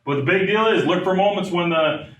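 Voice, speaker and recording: A man in his thirties talks to a group in a lively, conversational way, checking in with them often. His voice sits a little high, and the room rings with echo. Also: a little fast, highs cut off, slight background noise. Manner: animated, conversational, asks the audience questions. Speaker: trauma trainer. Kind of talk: live training talk. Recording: echoey room.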